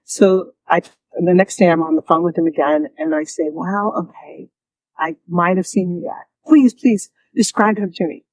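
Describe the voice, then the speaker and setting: A woman telling her own story as an interview guest, lively and often laughing, acting out the voices she quotes. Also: on the low side, normal speed, no room sound, rough recording.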